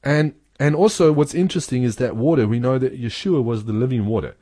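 A man's voice: mid-range voice, brisk, dark tone, no echo, clean studio sound. A man co-hosting a talk show, earnestly explaining scripture and quoting passages. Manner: earnest explaining, repeats key words, quotes scripture. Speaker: Bible teacher co-host. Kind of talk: teaching on scripture in a radio-style talk show.

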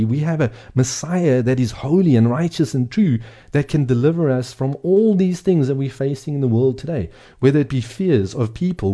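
A man's voice: medium pitch, mellow. A man giving earnest Bible teaching, speaking emphatically and repeating phrases for emphasis.

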